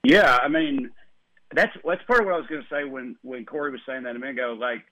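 A man with a Southern US accent talking as a guest, chatty and animated, with lots of "like". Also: medium pitch, fast, no echo. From Tennessee, US South. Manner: animated, chatty, heavy use of "like". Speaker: guest author. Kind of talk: casual chat. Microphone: phone line. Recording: tinny phone line.

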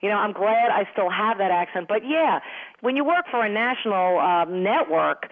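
A chatty middle-aged woman with a thick Long Island New York accent tells her story as an interview guest. She talks in an animated flow and keeps slipping into a giggling laugh. Her voice comes through a narrow, tinny phone line. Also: medium pitch, normal speed. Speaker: sportscaster guest. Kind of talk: casual interview answers. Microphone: telephone.

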